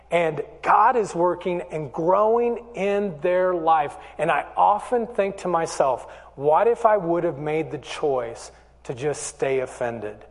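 A man preaching a sermon, telling a personal story and then urging his listeners earnestly. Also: on the high side. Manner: storytelling, earnest, rising to urgent appeals. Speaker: pastor. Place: church hall. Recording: long hall reverb.

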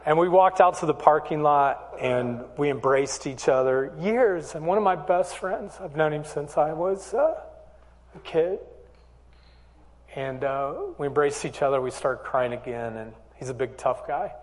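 A man's voice: fairly high pitch, a little slow. A man preaching a sermon, telling a personal story and then urging his listeners earnestly. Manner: storytelling, earnest, rising to urgent appeals. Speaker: pastor. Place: church hall. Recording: long hall reverb.

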